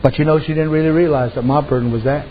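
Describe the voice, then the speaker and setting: A man's voice: a little high, fairly even intonation, fast, muffled recording, slight background noise. A man preaching a sermon as pastor, telling folksy stories and acting out the people in them. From Native American reservation community. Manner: folksy storytelling preacher, acts out voices.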